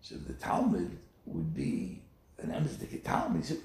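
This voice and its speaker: A man's voice: fairly high pitch, a little slow, gravelly, roomy sound, noisy background. A man giving a sermon, telling stories and acting out the quotes. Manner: animated storytelling with acted quotes. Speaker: rabbi.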